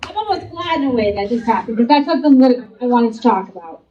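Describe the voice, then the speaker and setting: A woman's voice: a little high, expressive, quick pace, crowd noise. A woman giving an earnest, emphatic speech at a fundraiser event. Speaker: speaker at a fundraiser. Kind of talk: public speech. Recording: muffled, distant event clip.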